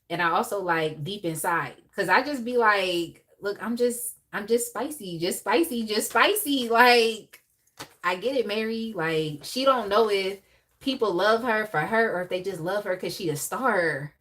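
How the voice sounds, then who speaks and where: A young adult woman hosting a live tarot reading, talking in a casual, animated way with laughs and chatty asides. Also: mid-range voice. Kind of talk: casual live-stream chat.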